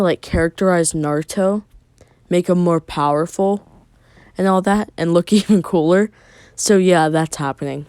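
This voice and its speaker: A man's voice: sits high, darkish tone, clear, resonant tone, no echo. A man casually narrating a made-up fan story, rambling with many filler words.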